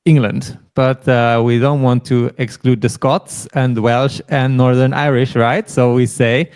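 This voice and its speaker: A man's voice: medium pitch, steady tone, measured pace, a little mellow, clean tone. Patient man teaching pronunciation. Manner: patient, explains pronunciation, prompts the learner to repeat. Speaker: German teacher. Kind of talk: language lesson.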